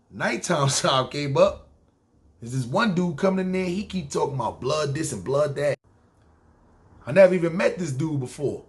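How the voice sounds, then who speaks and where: Slangy New York man telling a story. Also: on the high side. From New York City. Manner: slangy, animated, acts out the people in his story. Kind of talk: casual storytelling podcast.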